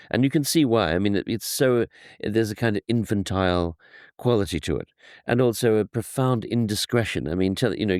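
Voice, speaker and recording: A man speaking as a historian guest, explaining at length in animated storytelling, often restarting his sentences. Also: lowish voice, no echo, clean studio sound. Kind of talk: conversational explanation.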